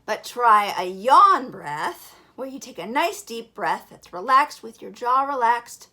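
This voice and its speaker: A woman's voice: on the high side, big pitch swings, unhurried, hardly any pauses. Cheerful woman teaching kids to breathe. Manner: bright, encouraging, demonstrates breaths and sings alphabet. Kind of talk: upbeat lesson for children.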